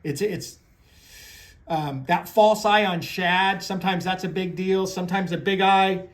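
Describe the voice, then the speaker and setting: A man's voice: sits high, a little slow. A man talks casually about fishing tackle and tactics. He rambles in a folksy way, trailing off and restarting mid-sentence as he tells stories from his guiding days. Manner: rambling storyteller, many restarts, folksy phrasing. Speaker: fishing guide and tackle presenter. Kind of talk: casual talk on crappie fishing.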